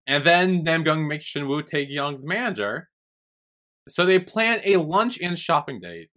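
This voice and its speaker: A man's voice: a little high, expressive, measured pace, sharp tone. A young man co-hosting a podcast, chatty and retelling scenes with frequent swearing. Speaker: podcast co-host. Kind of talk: casual chat.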